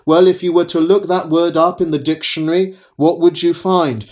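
A man preaching a sermon as pastor, in a measured, emphatic way that repeats key phrases and pauses between them. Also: on the high side, steady tone, a little mellow.

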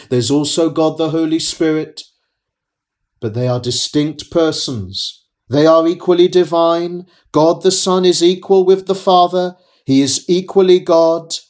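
A man preaching a sermon as pastor, in a measured, emphatic way that repeats key phrases and pauses between them. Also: on the high side, darkish tone.

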